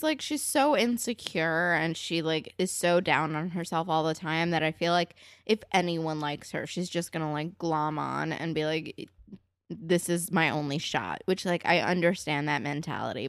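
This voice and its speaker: A woman's voice: low voice, normal speed, no room sound, clean studio sound. A young woman co-hosting a casual recap podcast, blunt and profane, slipping into exasperated character voices. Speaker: podcast co-host.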